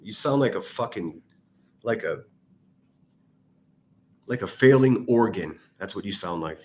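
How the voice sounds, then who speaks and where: A man's voice: on the low side, animated, unhurried. A man ranting angrily over clips he plays, swearing heavily and hurling insults as a commentary youtuber. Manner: angry, profane, shouting insults.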